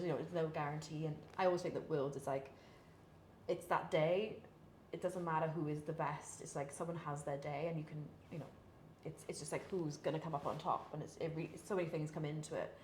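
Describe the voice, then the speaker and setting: A young British woman, a professional athlete, chatting candidly in an interview with lots of fillers and laughs. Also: sits low. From Britain. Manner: chatty, many fillers, laughs between thoughts. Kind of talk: candid casual interview talk. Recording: echoey room, faint hiss.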